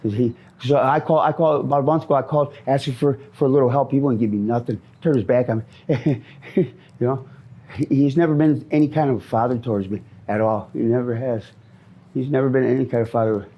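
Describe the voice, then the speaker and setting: A man's voice: mid-range voice, brisk, dull audio. A middle-aged man from Minnesota answering interview questions on the street, rambling, repeating himself and often ending with "man.".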